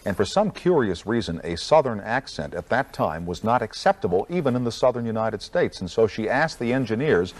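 A very deep-voiced man hosts a late-night television interview on a studio set. He asks deliberate, probing questions and slips in a dry wit. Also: big pitch swings. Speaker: talk show host.

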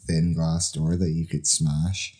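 A man co-hosting a podcast, telling stories in a casual, animated way and swearing freely. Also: a bass voice, slow, slightly rough. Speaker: podcast co-host. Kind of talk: casual chat.

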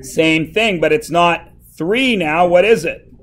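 Man, math teacher, classroom, slightly high voice, slow talk, teasing. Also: a bit bright, slight background noise. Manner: joking, teasing students.

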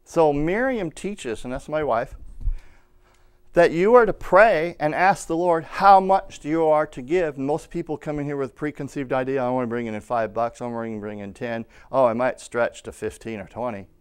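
A man preaching a sermon, telling a personal story and rising to loud calls of amen. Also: mid-range voice, normal speed, clear, resonant tone. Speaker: pastor.

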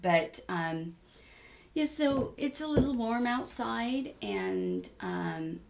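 A woman's voice: on the high side, sing-song, slow, noisy background. A woman chatting in a rambling diary-style crafting vlog, with many ums, sounding a bit tired. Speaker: cross-stitch vlogger.

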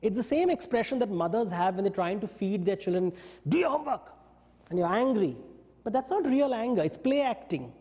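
A man giving a lecture, telling stories in an animated way and briefly acting out what the characters say. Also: high voice, fairly quick, long reverb tail. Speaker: invited speaker. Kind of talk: lecture on mythology. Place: yoga studio talk.

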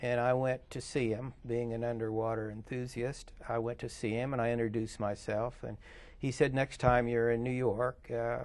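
A man's voice: mid-range voice, level tone, darkish tone. Older man telling rambling anecdotes. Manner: rambling, chatty, with filler pauses. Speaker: interview guest, underwater photographer. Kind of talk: casual interview storytelling.

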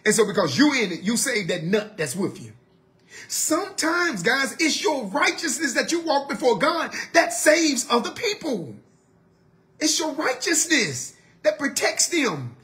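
A man leading an evening Bible study in a sermon style, asking the listeners rhetorical questions and swinging between loud urging and quiet asides. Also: very high voice, sing-song, a little slow.

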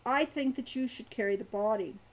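A man's voice: high voice, fairly quick, rough recording. A woman reading aloud and voicing an aloof young male spellcaster who speaks icily and scornfully. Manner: icy, scornful, calm.

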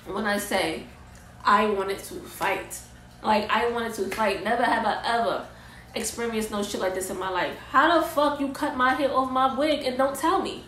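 A woman's voice: a little high, normal speed, a bit bright. A young woman telling a heated, profane storytime rant about a ruined wig, vlog style. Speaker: vlogger and wig maker. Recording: echoey room, faint ambient noise.

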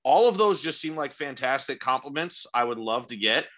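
Bright-voiced young man telling stories. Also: moderate pace. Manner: rambling, profane storytelling with sudden excited jumps in pitch. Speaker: podcast co-host. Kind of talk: casual chat.

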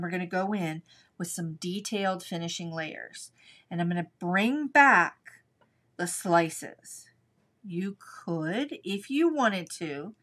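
A woman's voice: fairly low pitch, a bit bright. A middle-aged woman hosting a live watercolor painting tutorial, chatting and thinking aloud as she works. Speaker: art instructor.

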